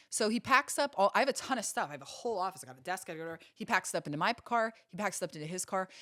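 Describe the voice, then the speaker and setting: A woman's voice: medium pitch, fairly bright tone, dry recording, studio quality. A woman hosting a podcast, telling a personal story in an earnest, emphatic way and repeating phrases for stress. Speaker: podcast host.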